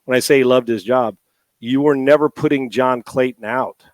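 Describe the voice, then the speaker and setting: A man's voice: mid-range voice, fairly even intonation, moderate pace, no room sound. A middle-aged man, a guest in an interview, talking in a heartfelt, emotional way with many restarts. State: emotional, near tears. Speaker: guest, former NFL quarterback and radio host.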